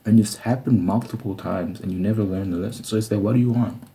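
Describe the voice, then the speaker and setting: Low-voiced man in whispered role-play. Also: fast talker, husky. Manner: rambling, jokey, switches between whisper and soft talk. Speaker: ASMR creator.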